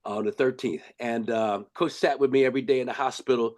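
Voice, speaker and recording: An older man from Los Angeles, a former basketball player, telling stories in a casual, animated way with lots of restarts. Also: medium pitch, quick pace. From Los Angeles, USA. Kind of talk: casual storytelling.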